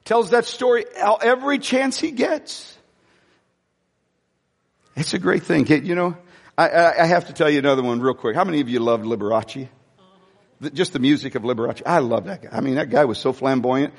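A man preaching a sermon, telling stories in an animated, conversational way. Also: on the high side, moderate pace, long reverb tail. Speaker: pastor.

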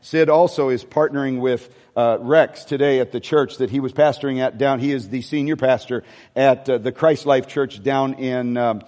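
A man's voice: mid-range voice, steady tone, normal speed, darkish tone, in a large hall. A man preaching a sermon as a pastor, telling a personal story, dropping to near-whispers and rising to emphatic peaks.

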